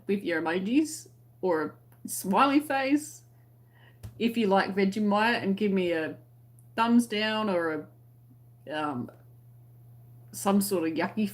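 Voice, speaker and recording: A woman's voice: mid-range voice, animated, a little slow, pauses often. An Australian woman hosting a crochet live stream, chatting casually and reading out viewer comments, friendly and laughing often. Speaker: crochet channel host.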